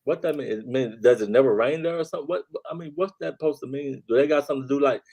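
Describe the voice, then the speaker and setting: A man's voice: medium pitch, racing, warm tone. A man hosting a casual live-stream talk show, laid-back and repeating "man" and "y'all" as he reads out the chat.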